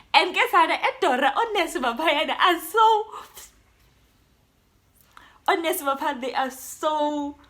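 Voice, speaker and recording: A young South African woman with a South African accent, telling a personal story in an animated, code-switching way. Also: mid-range voice. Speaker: YouTuber. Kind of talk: storytime vlog.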